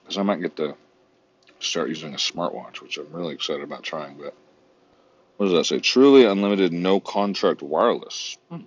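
A man's voice: deep voice, normal speed, muffled recording. A man vlogging in a casual, rambling, profane way while browsing online, often mocking himself.

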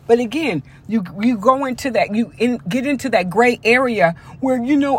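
A woman's voice: on the high side, moderate pace, few pauses, breathy edge. Blunt woman ranting with heavy swearing. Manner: blunt, emphatic, repetitive, swearing freely. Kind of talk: profane personal rant to camera.

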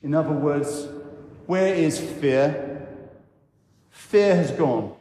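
A man who is a vicar, giving a sermon in a church and telling the story slowly with reflective pauses. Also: fairly high pitch, warm tone. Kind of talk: sermon talk. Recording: echoey church hall.

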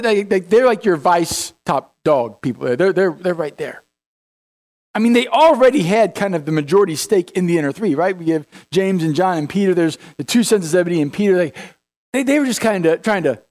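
Pastor, male, high tenor voice, casual sermon with lots of restarts. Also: expressive, brisk, darkish tone. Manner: conversational, folksy, many repeated restarts; acts out biblical figures in quoted voices.

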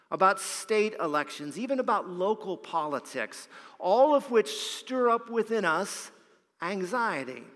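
A man's voice: high voice, bright, forceful tone. A man, a pastor, preaching a sermon and telling a story, often repeating a word as he starts a phrase. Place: church sanctuary. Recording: long hall reverb.

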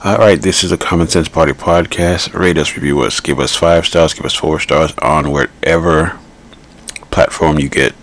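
A man's voice: very deep voice, steady tone, moderate pace, fairly bright tone. A man hosting a podcast, giving blunt, rambling political commentary and repeating his points. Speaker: podcast host.

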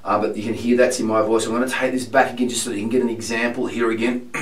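A man teaching singing while hoarse and sick with laryngitis, explaining frankly with many filler ums. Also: medium pitch, little pitch movement, quick pace, reverberant, recorded from a distance, rough recording. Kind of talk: vocal lesson demonstration.

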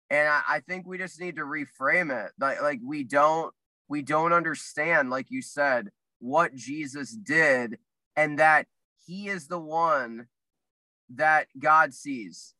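A man's voice: on the high side, a little slow, sharp tone, no echo, low-quality recording. A man co-hosting a casual faith discussion, talking eagerly with lots of "like" and restarts.

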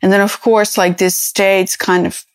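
A woman hosting a personal podcast, talking in a halting, reflective way with many fillers and restarts, emotional and close to tears. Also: medium pitch, flat delivery, dry recording. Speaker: podcast host.

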